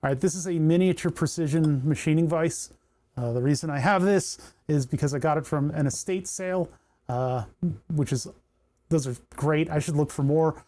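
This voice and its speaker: A man's voice: on the high side, normal speed, darkish tone. A man chatting casually on a livestream while he solders, thinking aloud and talking to the parts in his hands. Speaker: electronics livestreamer.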